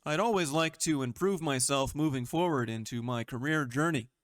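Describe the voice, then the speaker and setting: A man putting on the slow, overly polite voice of a corporate job applicant. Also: mid-range voice, no room sound, clean studio sound, natural voice. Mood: prim. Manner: formal, slow and ingratiating.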